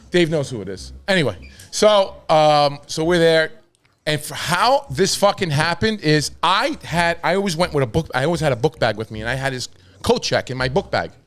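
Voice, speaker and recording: Man, podcast host, casual storytelling, profane, animated, a bit high-pitched. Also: normal speed. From New York.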